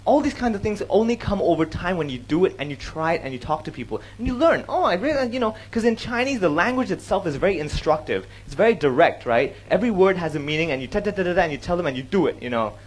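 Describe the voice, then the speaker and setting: Male stand-up giving a talk, animated, high and very expressive pitch. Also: fast talker, few pauses, slight background noise, rough recording. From Hong Kong. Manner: animated, switches between English and Cantonese. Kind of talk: talk on comedy with joke examples. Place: stage before an audience.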